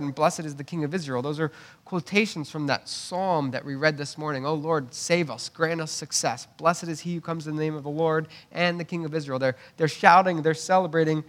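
This male pastor speaks on the high side, with a sharp tone and a moderate pace. His sermon is conversational and full of asides, and he keeps restarting with repeated words and asking "right?"

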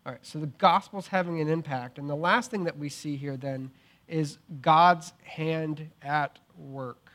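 A young adult man preaching a sermon, telling the story in a casual, animated way with filler words and acted-out quotes. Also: a little high, a little slow. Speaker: pastor.

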